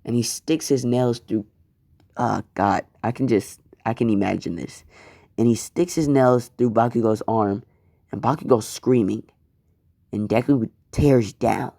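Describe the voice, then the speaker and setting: A man telling a fan story in a laid-back, rambling way, swearing now and then. His voice is dark and mellow, and he speaks unhurriedly. The sound is close and dry. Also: medium pitch, measured pace, creaky, no room sound. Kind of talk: casual fan-fiction storytelling.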